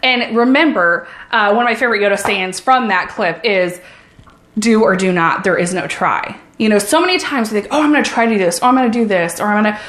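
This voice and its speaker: A woman's voice: mid-range voice, brisk, fairly bright tone, roomy sound. A woman who is a runner and a mom, talking in an upbeat, enthusiastic and encouraging way in a casual motivational vlog.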